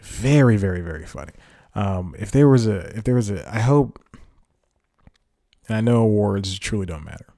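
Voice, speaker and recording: A man with a fairly low, mellow voice hosts a casual podcast, rambling and correcting himself as he goes. He laughs at his own asides. The recording is dry and close. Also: lively intonation, moderate pace, vocal fry, no echo. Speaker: podcast host. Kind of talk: casual solo podcast talk.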